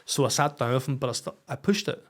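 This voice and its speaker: A man's voice: medium pitch, lively intonation, fast. A man with a Northern Irish accent, a podcast guest telling his personal story frankly and swearing freely. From Northern Ireland.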